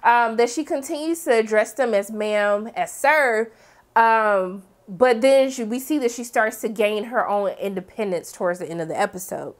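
A woman hosting a TV episode recap, talking in a sassy, slangy, animated way with dramatic asides. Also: fairly high pitch, moderate pace. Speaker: TV recap host. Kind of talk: casual episode recap commentary.

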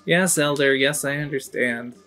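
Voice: mid-range voice, normal speed, bright, forceful tone, soft background music, natural voice. A game streamer voicing an earnest, eager young tiny creature who pleads and protests.

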